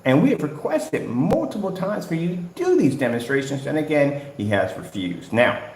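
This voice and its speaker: A man's voice: on the high side, big pitch swings, normal speed, a little mellow, a little hiss or hum. A man on a livestream, confrontationally lecturing rivals in a repetitive ranting style. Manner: confrontational, lecturing, repeats "at the end of the day". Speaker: business owner ranting at rivals. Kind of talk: livestream rant. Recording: roomy echo.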